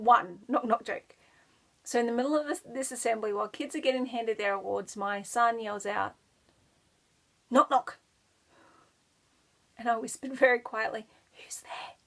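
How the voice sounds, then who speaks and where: A woman's voice: a little high, vocal fry, fairly bright tone. An Australian woman chatting casually to camera as a knitting podcaster, rambling and giggling as she goes. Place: child's bedroom at home.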